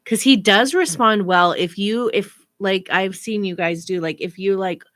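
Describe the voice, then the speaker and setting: A woman's voice: mid-range voice, measured pace, a bit bright, dry recording, clean studio sound. A woman in her thirties co-hosting a podcast, chatting casually and offering supportive advice. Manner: supportive, agreeing often. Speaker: podcast co-host. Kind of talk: casual chat.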